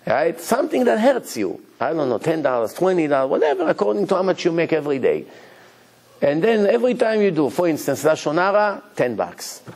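Man, rabbi lecturer; animated storyteller, gravelly. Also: on the high side, fairly quick. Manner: animated storytelling, nonnative English grammar.

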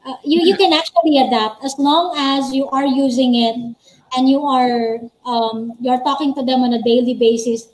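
Higher-pitched woman explaining. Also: fairly even intonation, normal speed, darkish tone, slight background noise, rough recording. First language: Filipino. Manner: practical, explaining step by step. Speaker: guest, former call center agent. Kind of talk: interview answers on a live stream.

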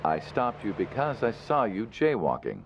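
An adult male patrol officer in a police video game, calm and formal as he states offenses and asks for identification. His voice sits low but swings lively in pitch. The audio is a little dull and lo-fi, with faint background noise. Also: normal speed. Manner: formal, procedural police talk.

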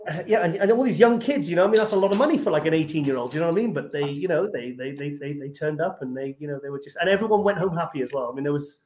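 A man chatting quickly with a slightly raised pitch. He rambles through his stories and keeps restarting his sentences. His voice echoes around the room. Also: darkish tone, slight background noise. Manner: rapid, rambling, lots of "I mean" restarts. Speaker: guest, tour organizer. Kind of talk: casual storytelling chat.

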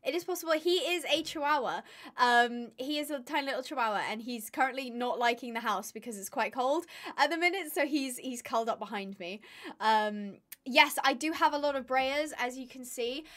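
Her voice sits high and a bit bright, moving a little fast, as this young woman talks casually with her stream audience. Tired and losing her voice, she still rambles chattily and laughs a lot.

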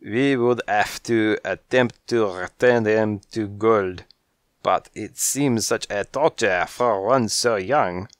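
A man's voice: lowish voice, no room sound, clean studio sound. A man playing a suave French cat. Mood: smooth, persuasive. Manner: slow, elegant and persuasive. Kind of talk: audiobook character voice.

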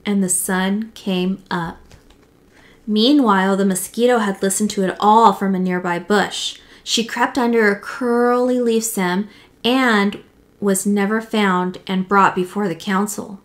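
A woman teacher reading a picture book aloud to children, animated and doing voices for the animals. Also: mid-range voice, a little slow. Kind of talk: storybook read-aloud for children.

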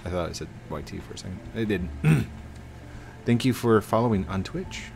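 A man hosting a playful Roblox let's play, goofy and excitable, chatting to viewers and jumping way up in pitch when things go wrong. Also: normal speed, gravelly, slight background noise. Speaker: gaming channel host.

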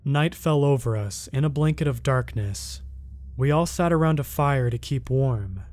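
Man narrating a scary story, measured. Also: mid-range voice, lively intonation, darkish tone.

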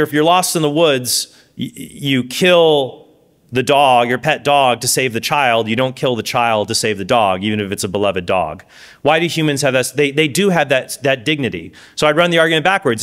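A man giving a lively lecture at a conference, with quick asides and self-corrections. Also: medium pitch. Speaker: speaker giving a conference talk. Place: conference stage before an audience.

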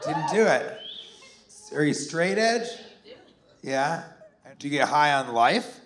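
A man in his forties doing a rambling, sarcastic stand-up set, sometimes bursting into shouted put-on voices. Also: on the high side, very animated, slow. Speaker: stand-up comedian. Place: comedy club stage before a laughing audience. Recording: roomy live club sound with crowd.

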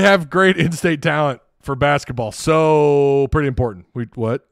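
A man's voice: fairly high pitch, normal speed, vocal fry, smooth, no room sound, studio quality. A man hosting a live sports talk show, rambling casually and reading out viewer chat. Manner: rambling, chatty, lots of restarts. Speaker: host.

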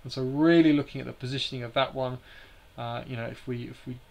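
Man with a gravelly voice. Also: medium pitch, steady tone, fast talker. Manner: hesitant, many fillers and restarts, explanatory. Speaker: bonsai teacher hosting a live stream. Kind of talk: live stream presentation.

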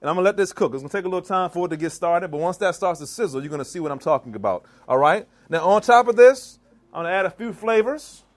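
A man with a fairly high voice and a Maryland accent runs a live cooking demo, bantering and quizzing the crowd as he works. His delivery is playful and lively, full of call and response. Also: quick pace. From Washington DC / Maryland area, US. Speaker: chef giving a cooking demo. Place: church hall, in front of a live audience.

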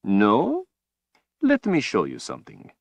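A man voicing a cruel, menacing male tyrant wizard in an audiobook, speaking slowly and tauntingly. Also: on the low side, wildly swooping pitch, gravelly, dry recording, highs cut off, pitched above the performer's own voice, heavily acted. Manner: slow, taunting, drawn-out delivery. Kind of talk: audiobook character voice.

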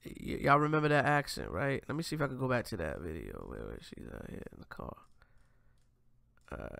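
Gravelly, animated man hosting a commentary show. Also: mid-range voice, brisk, dry recording. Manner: slangy, profane, talks straight to viewers. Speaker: host. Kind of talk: casual commentary reacting to clips.

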